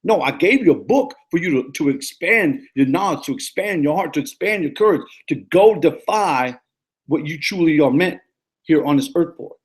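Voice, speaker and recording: Man, 30s, high voice, life coach, motivational, repetitive, stumbling restarts. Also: normal speed. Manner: energetic, repetitive, preachy pep talk. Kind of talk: casual motivational talk.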